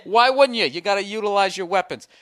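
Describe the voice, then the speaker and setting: Speaking fast in a high-pitched voice, this comedy podcast host rants, swears a lot, and tells stories with lively energy in a casual setting.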